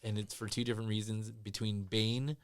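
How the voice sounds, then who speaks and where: A man talking as a podcast guest, excitable and hesitant, often stopping to correct himself. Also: fairly low pitch, brisk, smooth, no echo. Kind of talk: casual chat.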